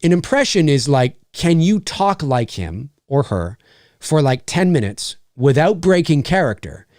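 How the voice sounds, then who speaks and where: A man's voice: a little high, unhurried, dry recording. A middle-aged man, a voice actor, chatting casually with viewers in a livestream Q&A. He rambles and restarts often, and speaks into a studio microphone in a home recording studio. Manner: animated, rambling with frequent restarts.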